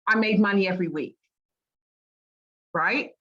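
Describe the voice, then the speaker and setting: A woman's voice: medium pitch, unhurried. A middle-aged woman from Great Britain, a life coach telling her story as an interview guest and acting out the voices she quotes. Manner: animated, acts out quoted voices. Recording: dull lo-fi audio.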